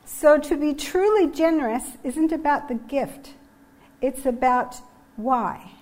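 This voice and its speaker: A woman's voice: high voice, animated, takes it slowly, a little mellow. A woman giving a sermon on generosity, earnest and emphatic, reading scripture passages from slides. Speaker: preacher.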